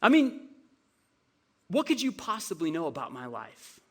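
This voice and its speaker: A man's voice: on the high side, wildly swooping pitch, measured pace, full character voice. A man voicing a skeptical woman at a well, answering with mocking, exaggerated sarcasm. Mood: sarcastic.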